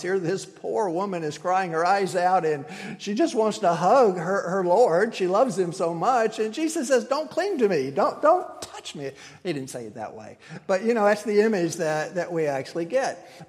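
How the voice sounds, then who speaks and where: A man preaching in a loose, conversational way, often restarting his phrases and laughing softly now and then. His voice sits fairly high for a man. It carries the long reverb of a large hall. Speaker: pastor. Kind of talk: sermon.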